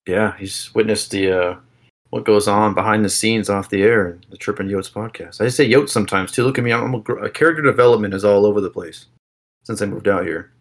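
A man's voice: lowish voice, fairly quick. A man co-hosting a casual sports podcast, talking in a rambling, jokey way and correcting himself as he goes. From Arizona. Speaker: podcast co-host.

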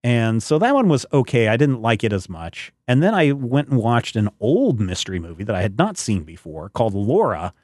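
A man hosting a podcast in casual chat, rambling and halting with many fillers. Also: medium pitch, big pitch swings, a little mellow, no echo, studio quality. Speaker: podcast host.

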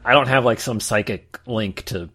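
A man's voice: mid-range voice, normal speed, fairly bright tone, breathy edge. A man playing a tabletop game, wryly grumbling and narrating what his character does. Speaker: player. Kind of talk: casual tabletop game chat.

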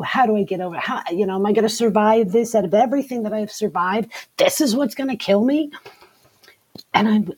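A woman giving an earnest personal account as an interview guest. She talks haltingly and often repeats her words. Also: lowish voice, darkish tone, husky, poor audio. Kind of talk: personal testimony in conversation.

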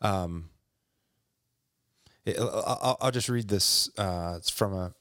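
A man talking earnestly about faith, reading a passage aloud and then reflecting on it in measured phrases. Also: deep voice, a bit bright, dry recording, clean studio sound. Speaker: podcast co-host. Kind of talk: faith-based reflective talk.

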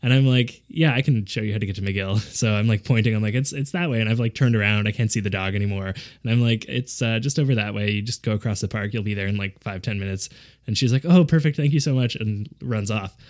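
A man's voice: fairly low pitch, fairly even intonation, fast talker. A man telling a rambling anecdote in a casual chat, often laughing as he goes. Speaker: podcast co-host.

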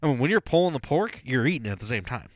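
A man's voice: mid-range voice, sing-song, very fast, no echo, clean studio sound. Easygoing young man telling a story. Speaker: podcast co-host. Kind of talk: casual chat.

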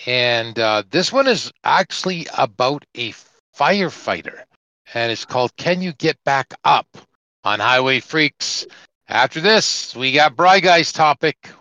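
A man co-hosting a podcast in casual chat, telling a joke with halting restarts. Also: mid-range voice, animated, pushed and bright, no echo. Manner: chatty storyteller, halting restarts. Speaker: podcast co-host. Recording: dull, lo-fi, dry podcast audio.

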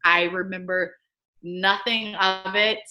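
A woman in her twenties, a guest, telling a story casually and in an animated way, acting out quotes. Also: takes it slowly, a little hiss or hum. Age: 20s. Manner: animated, acts out quotes in a higher voice. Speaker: guest, drafted athlete.

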